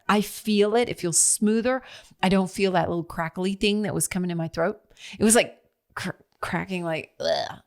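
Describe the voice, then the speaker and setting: A middle-aged woman hosting her own podcast, talking in a chatty, expressive way and laughing at herself as she goes. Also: mid-range voice. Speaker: podcast host. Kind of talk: casual solo monologue. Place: seated at home recording.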